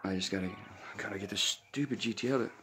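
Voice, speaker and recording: Over background music, a man vlogging on a live stream talks fast in a voice on the low side, rambling through a story in an offhand manner and using baby talk with his puppies.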